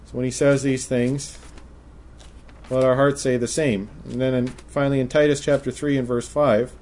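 A man preaching a sermon, speaking in a measured way and reading scripture passages aloud in old-style wording. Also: mid-range voice, little pitch movement, a little mellow.

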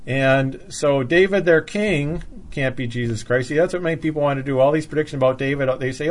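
A man's voice: mid-range voice, fairly quick, hardly any pauses. A man giving an expository Bible sermon, reading scripture passages aloud in old-fashioned wording and then explaining them plainly. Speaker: Bible teacher.

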